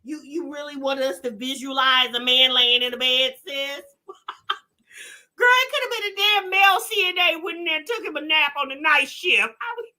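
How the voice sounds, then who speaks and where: A woman hosting a reaction show, commenting with loud, teasing exclamations. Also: high-pitched, animated, normal speed.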